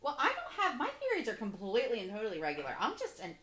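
Lively bright woman in her 40s, swears a lot, rants, roomy echo. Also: fairly high pitch, racing. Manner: profane, animated ranting. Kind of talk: casual chat.

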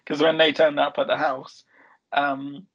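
Gravelly man recapping a TV episode. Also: on the high side, level tone, unhurried, highs cut off. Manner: storytelling recap with many "um"s and quoted lines. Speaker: podcast co-host recapping a TV episode. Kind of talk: casual chat.

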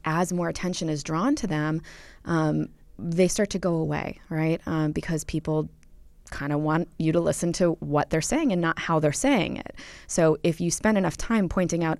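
A woman's voice: low-pitched, fairly even intonation, moderate pace, a little mellow, no room sound. A woman researcher answering interview questions, thoughtful and explanatory, with many ums and uhs. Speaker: linguistics researcher.

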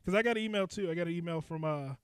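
A man's voice: fairly high pitch, very fast, clean tone, no room sound. A young adult man hosting a casual comedy podcast from a basement studio, loose and joking, often laughing. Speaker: podcast host and DJ.

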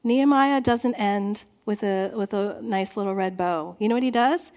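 A woman preaching a sermon in church, earnest and exhorting, dropping soft and low at times. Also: normal speed. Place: church sanctuary.

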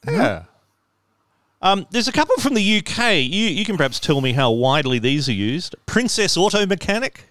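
Smooth-voiced playful male host. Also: high voice, very animated, normal speed, fairly bright tone, no room sound, clean studio sound. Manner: playful, self-mocking, teasing. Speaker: podcast host. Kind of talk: casual comedic chat.

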